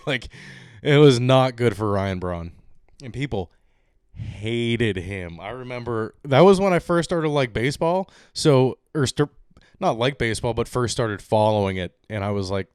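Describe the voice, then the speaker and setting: A man talks sports on his podcast in a loose, rambling way, laughing often and ramping up into excited rants. His voice is smooth and clear at a middle pitch, and the recording sits close and dry with no room around it. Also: unhurried, no room sound. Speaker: podcast host. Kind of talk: casual sports talk.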